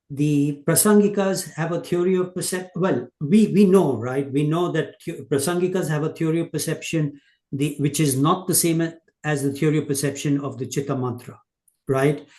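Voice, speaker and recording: Male student, higher voice, hesitant with fillers, echoey room sound. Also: normal speed, a little mellow. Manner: hesitant, many fillers and broken-off words. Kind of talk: question in class discussion.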